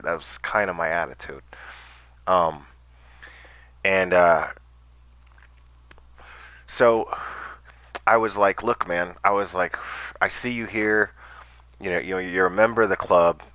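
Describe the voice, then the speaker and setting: A man's voice: low voice, sharp tone, dry recording. A man telling a personal story casually, rambling with stammered restarts and swearing.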